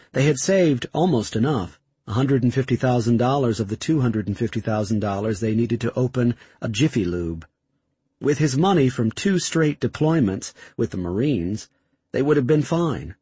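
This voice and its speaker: Man, audiobook narration, husky, lively intonation, dry close sound. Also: medium pitch, no room sound.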